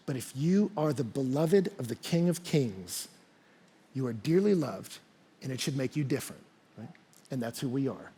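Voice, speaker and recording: A male pastor preaching in a church, his voice high for a man with a gravelly, slightly husky edge. He talks in a casual, conversational way and acts out quotes and asides. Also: expressive, moderate pace, dark tone. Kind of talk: sermon.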